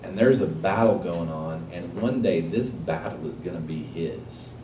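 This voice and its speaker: Male preacher, chatty sermon delivery, warm low tone, recorded from afar in a roomy hall. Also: a little slow, slight background noise. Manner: conversational, asks the audience questions. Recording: echoey room, voice from a distance.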